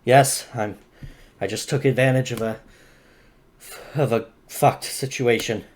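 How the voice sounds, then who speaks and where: A man doing a hoarse, worn-out mage. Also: mid-range voice, steady tone, unhurried, pitched below the performer's own voice, natural voice. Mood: urgent, curt. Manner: curt, sardonic. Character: overexerted male mage, gruff and curt.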